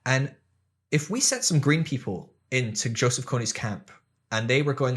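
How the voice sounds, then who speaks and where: A man on a podcast as the guest, explaining ideas in casual chat, animated and acting out quoted voices, with frequent fillers. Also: medium pitch, normal speed.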